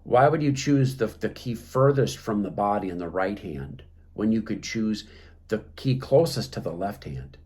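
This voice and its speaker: A man's voice: fairly low pitch, expressive, normal speed, darkish tone. A man teaching clarinet technique, talking through the music with many fillers and restarts. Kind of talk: instructional talk.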